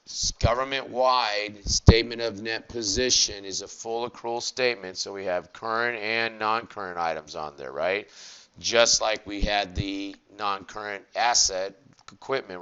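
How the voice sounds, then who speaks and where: A man teaching an accounting lecture, asking the class quick rhetorical questions and stretching out key words. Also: lowish voice, a bit bright, smooth, dull audio.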